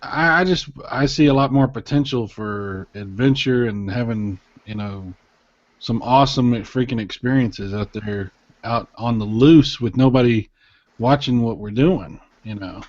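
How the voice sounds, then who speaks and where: A man's voice: medium pitch, a little slow. A man chatting as a podcast guest, rambling and thinking aloud with lots of fillers. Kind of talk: casual chat. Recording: slightly muffled podcast audio.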